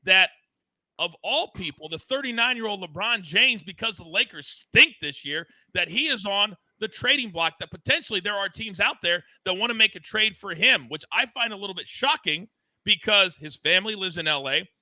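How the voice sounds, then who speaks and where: A man's voice: high-pitched, expressive, normal speed, bright, forceful tone, dry recording. A man hosting a sports betting show, talking in hyped, emphatic banter and repeating phrases for effect. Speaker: show host.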